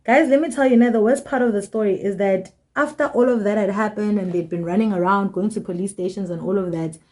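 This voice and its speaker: A woman's voice: medium pitch, fast talker. A young woman telling a storytime tale in casual, slangy chat, acting out the people she quotes. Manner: animated, slangy, acts out quoted voices. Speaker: storytime vlogger.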